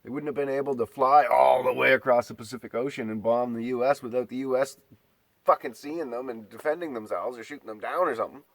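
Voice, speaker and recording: A man's voice: mid-range voice, fast talker, creaky, dry recording. A man delivering an exasperated, profane ranting monologue, mocking his listeners.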